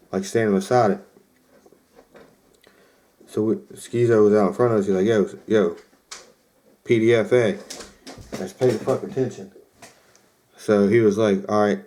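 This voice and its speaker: A young man with a lowish, mellow voice hosts a podcast. He casually tells a rambling story, using lots of fillers and quoted asides.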